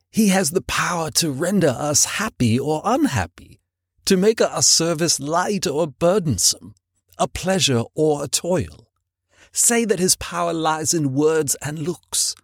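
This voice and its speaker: A man reading the part of a grasping, defensive younger Scrooge in an audiobook, in a measured, expressive way. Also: a little high, breathy edge, dry recording, clean studio sound.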